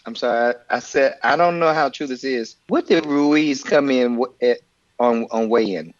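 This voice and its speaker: A man's voice: mid-range voice, moderate pace, no room sound, highs cut off. A man co-hosting a casual combat sports podcast, wry and full of questions. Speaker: podcast co-host.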